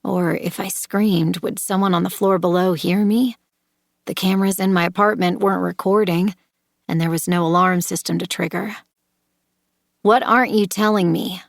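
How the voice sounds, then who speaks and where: A woman narrating a first-person thriller audiobook, measured and tense, turning confrontational in the dialogue. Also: on the low side, steady tone, gravelly, no echo, clean studio sound.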